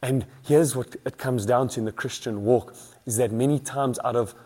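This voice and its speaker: A man's voice: medium pitch, moderate pace, mellow. A man preaching an earnest sermon as a pastor, building emphasis through repeated phrases.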